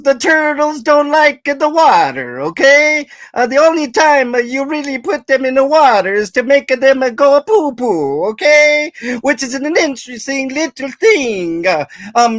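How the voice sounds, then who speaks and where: A man's voice: extremely high pitch, fairly bright tone, no echo, voice pushed up, exaggerated voice. A man putting on a mock Italian accent, playing a cheery cartoon plumber.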